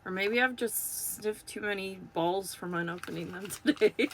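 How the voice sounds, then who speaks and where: A woman chatting casually to viewers while unboxing toys, gushing and excitable, recorded on a phone. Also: mid-range voice, moderate pace, slight background noise.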